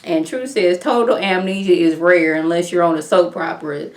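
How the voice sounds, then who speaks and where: A woman's voice: moderate pace, echoey room. A woman giving a casual, rambling spoken review of a TV episode from home, full of "like" fillers and incredulous asides. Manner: chatty, rambling, with frequent "like" fillers; animated, with pitch jumps for incredulous reactions.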